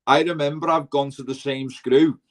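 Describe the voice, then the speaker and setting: A man's voice: a little high, steady tone, normal speed. A man with a Scouse accent, hosting a casual chat and telling rambling, slangy prison stories full of quoted dialogue. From Liverpool. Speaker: podcast host.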